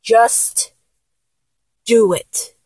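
A young woman in a one-sided audio role-play, talking to an unseen partner. She is breathless and giddy, and she swings from low murmurs to high squeals. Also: very slow, dark tone, dry recording.

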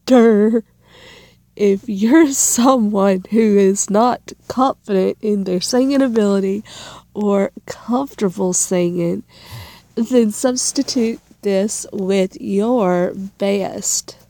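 A young woman talks slowly through a casual vlog challenge, laughing at herself as she goes. Her voice is mellow and full of vocal fry. The sound is dry and close, with no room around it. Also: mid-range voice, no echo. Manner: rambling, giggly, self-deprecating. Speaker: vlogger.

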